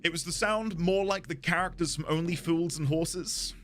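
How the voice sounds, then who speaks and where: A man's voice: a little high, normal speed, fairly bright tone, faint music behind. A man with a British accent chatting casually while streaming a game, rambling through explanations and amused at himself. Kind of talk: casual gameplay chat.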